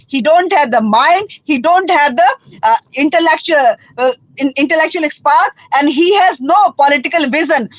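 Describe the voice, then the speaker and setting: A woman speaking as a panelist in a political debate over a remote call, halting and repeating words, slipping into Hindi. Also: sits high, dry recording, dull audio. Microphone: remote call with a poor network.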